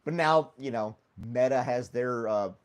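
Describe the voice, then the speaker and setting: A man, talking at a middling pitch as he hosts a relaxed morning live stream from home. He rambles through loose chat, laughs easily and calls out viewers by name. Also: unhurried, clear, resonant tone. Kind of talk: casual chat with live chat readers.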